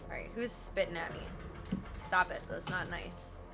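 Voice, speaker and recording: A woman's voice: fairly low pitch, moderate pace, over loud music. A woman streaming a video game, chatting casually, swearing freely and breaking into laughing shrieks. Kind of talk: casual gameplay chat.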